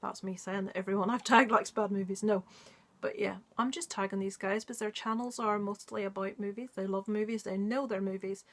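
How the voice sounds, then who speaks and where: A woman's voice: mid-range voice, steady tone, brisk. Chatty woman rambling about movies. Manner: chatty, rambling, many ums and asides. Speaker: movie vlogger. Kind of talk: casual chat.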